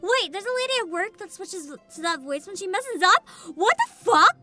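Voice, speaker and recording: A woman's voice: very high voice, expressive, moderate pace, bright, forceful tone, soft background music. A woman in her twenties streaming casually as a VTuber, greeting chat by name, laughing often and swearing freely. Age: 20s. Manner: reads out and greets chat names.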